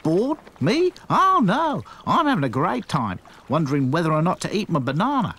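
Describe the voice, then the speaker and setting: A man voicing a boisterous, easily bored toy kangaroo, loud and excitable. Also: a little high, normal speed, husky, pitched above the performer's own voice, full character voice. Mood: sarcastic.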